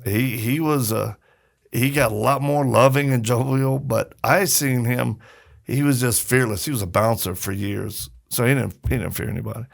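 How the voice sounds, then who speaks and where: A middle-aged podcast guest tells stories in a casual interview, acting out the voices of the people in them. He speaks at a normal speed in a medium-pitched, creaky voice, an animated storyteller performing his quotes.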